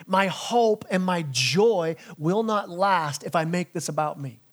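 A male pastor preaching a sermon, animated, acting out biblical figures in casual modern speech and dropping low and slow on key lines.

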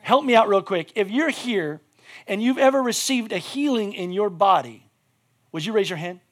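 A man preaching a sermon as pastor, animated and casual, swinging between loud bursts and hushed asides. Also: sits high, normal speed. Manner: casual, with many "like" fillers.

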